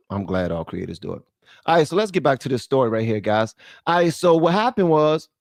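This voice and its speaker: A man's voice: medium pitch, no echo, clean studio sound. A man hosting a casual livestream, talking in a rambling, chatty, self-deprecating way into a podcast microphone. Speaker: livestream host. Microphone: podcast mic through a mixer.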